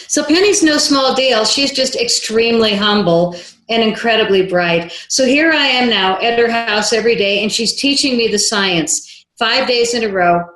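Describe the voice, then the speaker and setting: A woman guest tells her story with animated energy, acting out each line of dialogue she quotes. Her voice sits fairly high, and the recording rings with a roomy echo. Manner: lively, acts out quoted dialogue. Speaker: interview guest, filmmaker.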